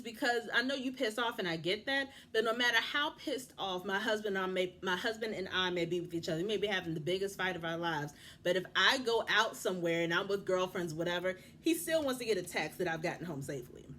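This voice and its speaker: Woman in her 30s doing a tv recap vlog, animated, indignant, mid pitch. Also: slight background noise. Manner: animated, indignant, talks straight to people on the show. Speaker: TV recap vlogger. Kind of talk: casual TV recap commentary.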